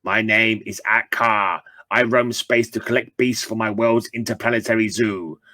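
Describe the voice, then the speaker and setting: A man voicing a calm male alien who collects beasts for a zoo, speaking slowly and formally. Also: on the low side, dry recording. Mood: solemn. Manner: slow, measured and formal.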